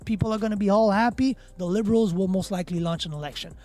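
A man's voice: high voice, fast, a little mellow. A man hosting a casual podcast, giving opinionated commentary with passion and emphatic repetition. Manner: passionate, emphatic, repeats words for stress.

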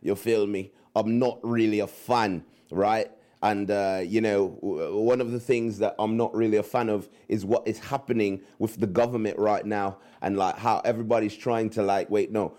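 A man hosting a radio show in casual, slangy chat full of shout-outs. He repeats phrases and slips into Caribbean-style patois. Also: lowish voice, fairly even intonation, normal speed. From Montreal. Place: radio studio.

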